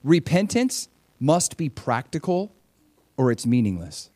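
A man's voice: medium pitch, a little slow. A man preaching a sermon in a conversational style, reading scripture and animatedly acting out the voices of the people he describes. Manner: conversational, animated, acts out quotes. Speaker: pastor.

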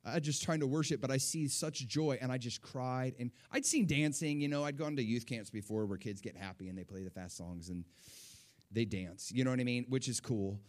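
Male storyteller, mid-range voice, casual testimony, swings from hushed to excited. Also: mid-range voice, brisk. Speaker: speaker sharing a testimony.

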